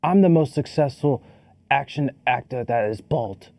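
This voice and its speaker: A man putting on a British accent to play a gruff, menacing male action hero who swears and threatens. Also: mid-range voice, expressive, moderate pace, a little mellow, dry recording, lightly acted.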